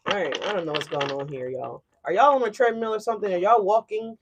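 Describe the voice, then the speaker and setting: A woman giving a casual tarot reading to her viewers, animated and emphatic. She often checks in with "right?" and swears freely. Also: mid-range voice, fast talker, background noise. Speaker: tarot reader.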